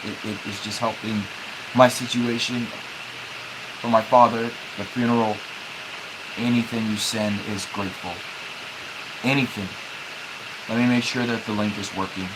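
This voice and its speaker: A young man livestreaming, speaking haltingly as he holds back tears, with many restarts and repeated words. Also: on the low side, level tone, heavy background noise. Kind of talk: emotional livestream talk.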